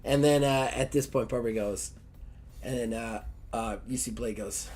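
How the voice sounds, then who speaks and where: A man's voice: mid-range voice, normal speed, darkish tone, a little hiss or hum. A man game master narrating a tabletop game in a rambling, filler-heavy way.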